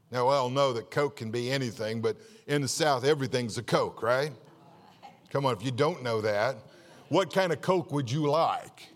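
A man pastor preaching a sermon, telling a joke-filled story in a lively way and often repeating words. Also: medium pitch, moderate pace, long reverb tail. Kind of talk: sermon with jokes. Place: church.

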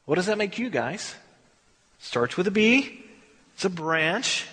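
A man teaches scripture in a relaxed, conversational manner, slipping into little acted exchanges as he tells the story. His voice sits high and slightly husky. The sound carries a long, echoing room reverb. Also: measured pace, long pauses. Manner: casual, storytelling with acted dialogue. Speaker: Bible teacher. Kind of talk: verse-by-verse Bible study. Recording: echoey hall.

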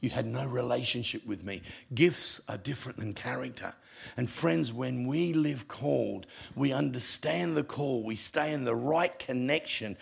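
A male pastor, preaching a sermon with punchy humour and sudden drops to quiet. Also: mid-range voice, moderate pace, vocal fry, breathy edge.

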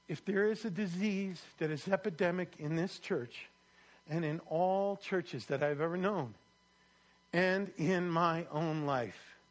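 A man preaching a sermon as pastor, emphatic, repeating key phrases and calling on the congregation to answer back. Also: fairly high pitch.

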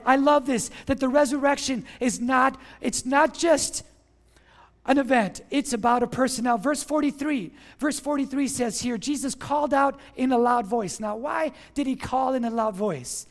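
A high-pitched preacher delivering a Sunday sermon with mounting passion. The voice swells into shouts at the big points and calls on the congregation to answer back. It sounds like a live church service. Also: moderate pace. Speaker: pastor.

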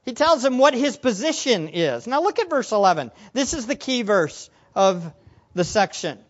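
A man preaching a sermon as pastor, emphatic, asking rhetorical questions and swinging between loud and soft. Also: extremely high pitch, muffled recording.

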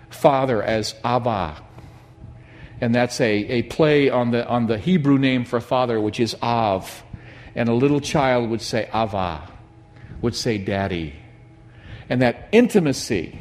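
A middle-aged man preaching a sermon, telling a personal story in an animated, emphatic way. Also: medium pitch. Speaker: pastor.

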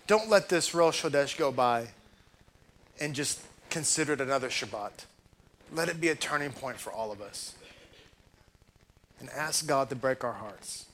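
Fervent bright-voiced male rabbi. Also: mid-range voice, lively intonation, normal speed, long pauses, slight background noise. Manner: fervent, pleading, full of rhetorical questions. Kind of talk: sermon to a congregation.

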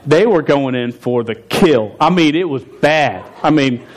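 A man in his forties telling a story in a sermon, animated, stumbling and restarting his words as he goes. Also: on the high side, measured pace. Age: 40s. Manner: stuttering with frequent restarts. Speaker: pastor.

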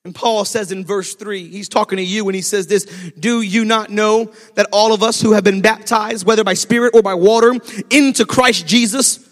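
A man delivers a sermon in a sing-song preaching cadence, breaking into shouts. His voice is very high and bright. It carries a long reverb from the church hall. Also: fairly even intonation, moderate pace. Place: church sanctuary.

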